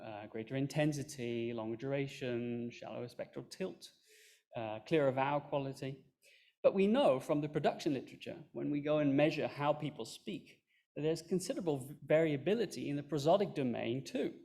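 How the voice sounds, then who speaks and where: A man's voice: mid-range voice, gravelly, darkish tone. A man presenting an academic research talk, explaining his method step by step with fillers and small self-corrections. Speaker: conference speaker.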